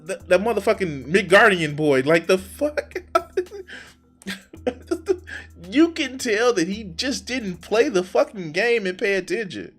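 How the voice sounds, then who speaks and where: A man's voice: sits high, lively intonation, measured pace, fairly bright tone, soft background music. A man hosting a reaction commentary, exasperated and profane, who stammers and restarts his sentences. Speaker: reaction video host.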